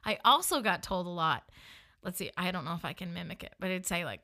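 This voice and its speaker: A woman's voice: mid-range voice, moderate pace, sharp tone. A woman from the northern United States, with a Northern US accent, chatting casually as she tells her story and filling her speech with "like" and "you know.". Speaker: funeral director telling her story.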